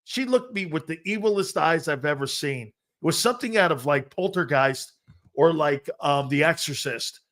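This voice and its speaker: Brief: male sports talk host, slightly high voice, loud, animated, jokey. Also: normal speed. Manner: loud, animated, jokey, talks straight to viewers. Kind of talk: live-stream sports talk reading chat.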